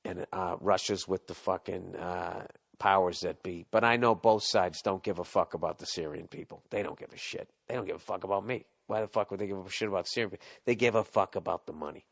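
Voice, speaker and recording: Hosting a podcast, a man delivers a rambling comedic rant that's sarcastic and full of profanity. He talks briskly in a low, steady, creaky voice.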